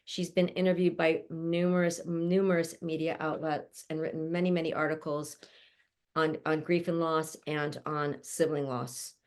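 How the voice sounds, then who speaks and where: A woman's voice: sits low, flat delivery, moderate pace. A woman hosting an online panel, introducing each guest in an effusive, chatty way and laughing often, speaking from home. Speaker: show host introducing a panel. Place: at home, mother nearby.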